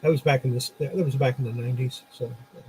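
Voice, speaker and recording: Talking fast in a fairly even, somewhat mellow mid-range voice, a middle-aged man who once ran a comic shop and now hosts a podcast tells casual stories and laughs a lot. There's a little hiss or hum, and the recording quality is low.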